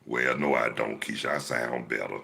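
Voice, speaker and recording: A man's voice: very deep voice, moderate pace, creaky, sharp tone. An older man, chatting to a live audience in a laid-back, rambling storytelling way. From Georgia, US. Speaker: livestream host. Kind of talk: casual storytelling to live chat.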